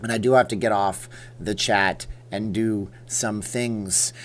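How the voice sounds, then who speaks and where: A man's voice: lowish voice, steady tone, takes it slowly, slight background noise. A man hosting a casual livestream from home, rambling and reading viewer comments aloud. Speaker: livestream host.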